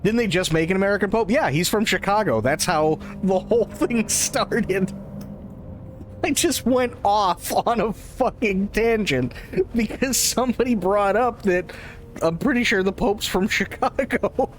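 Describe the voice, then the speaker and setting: A man's voice: high-pitched, a little slow, a little hiss or hum. A man streaming a role-play game, rambling through jokes with frequent laughter and casual swearing.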